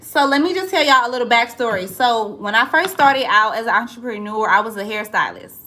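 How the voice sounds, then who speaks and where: A woman's voice: fairly high pitch, lively intonation, fairly quick, sharp tone. A woman chatting casually on a livestream, greeting viewers by name and calling them y'all. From St. Louis. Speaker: livestream host and entrepreneur.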